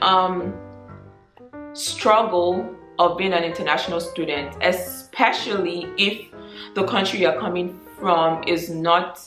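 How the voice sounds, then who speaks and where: A Nigerian woman in her twenties chatting casually to camera as a vlogger, with lots of ums and animated asides. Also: lowish voice, echoey room. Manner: chatty, frequent ums, animated mock quotes.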